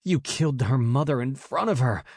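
A man's voice: mid-range voice, lively intonation, moderate pace, darkish tone, husky, no room sound, voice pushed up. Man voicing a young hero, storybook, protective, intense, dry close sound. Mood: furious.

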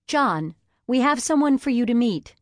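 A woman doing a lively, bright young farm wife. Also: a little high, normal speed, dry recording, clean studio sound, pitched above the performer's own voice, natural voice. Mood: cheerful. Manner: bright, warm, with a flourish.

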